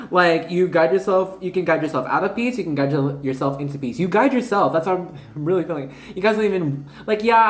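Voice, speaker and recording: A woman giving a casual spiritual card reading, rambling and slangy, constantly talking to her viewers as "you guys.". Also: low-pitched. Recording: roomy echo.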